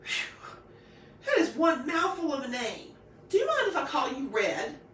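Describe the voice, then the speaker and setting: A plainspoken, folksy young woodswoman, as a narrator puts her on, calm and drawling. Her voice sits fairly high with a lively lilt, and it sounds off-mic in an echoey room. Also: normal speed, far from the mic, background noise.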